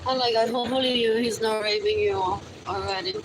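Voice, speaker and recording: A woman's voice: on the high side, fairly even intonation, fairly quick, noisy background. A woman livestreaming a rambling monologue, muttering and repeating herself as she drifts between English and Spanish. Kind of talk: rambling live stream monologue.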